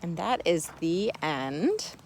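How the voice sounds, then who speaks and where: A woman teacher reading a picture book aloud to children in a playful, expressive way, then explaining a reading task. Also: fairly low pitch, slow pace, slight background noise.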